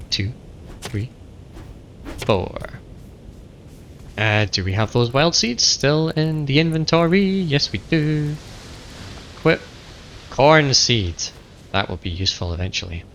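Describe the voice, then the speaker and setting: A man commenting on his game as he streams it, chatty and playful, half-singing filler sounds to himself. His voice sits at an average pitch. A faint low rumble runs under the recording. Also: gravelly, a bit bright. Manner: chatty, talks to himself, sing-song muttering. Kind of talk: live gameplay commentary.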